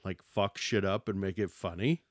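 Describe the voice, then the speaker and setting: A man with a lowish voice cohosts a casual podcast, rambling and teasing his partner with playful jokes. The sound is dry and close, with no room around it. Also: normal speed, dry recording. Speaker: podcast co-host.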